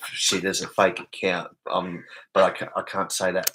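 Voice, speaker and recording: A man's voice: deep voice, monotone, normal speed, background noise. An Australian man hosting a casual late-night live stream, stammering as he reads chat messages aloud and keeping his voice down for people asleep. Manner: keeps voice down, people sleeping. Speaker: livestream host.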